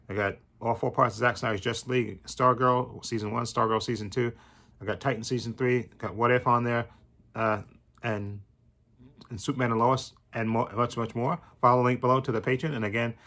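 A man's voice: medium pitch, sharp tone. A middle-aged man hosting a trailer reaction channel, talking casually, rambling with fillers and chuckling as he goes.

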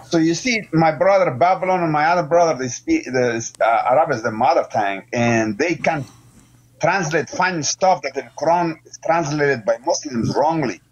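Guest: man, a bit high, earnest, slow explainer. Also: dull audio. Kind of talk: casual group chat.

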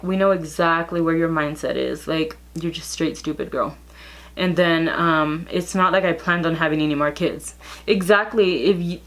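A young woman telling a gossip story in a casual vlog, reading out text messages in a blunt, profane way. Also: lowish voice.

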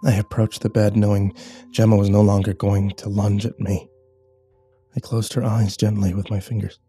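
A man telling a first-person horror story in a measured, hushed and tense way. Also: lowish voice, flat delivery, breathy edge, soft background music.

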